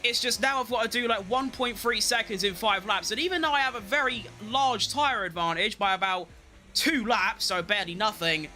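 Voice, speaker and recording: A man giving excitable, self-mocking live commentary while playing a racing game, talking to himself as he drives. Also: sits high, normal speed. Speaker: gaming streamer.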